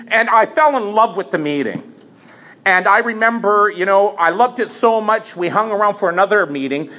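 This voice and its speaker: Candid, lively-voiced man in his fifties. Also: sits high. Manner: candid and halting, with frequent restarts and repeated phrases. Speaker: speaker sharing his recovery story. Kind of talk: personal testimony at a recovery meeting. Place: meeting room, speaking from the front.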